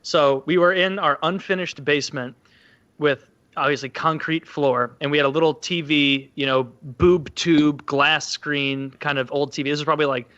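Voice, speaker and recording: Bright high-voiced man telling stories. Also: moderate pace, muffled recording. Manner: animated, acts out quotes in a high voice. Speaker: podcast co-host. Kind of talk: casual storytelling.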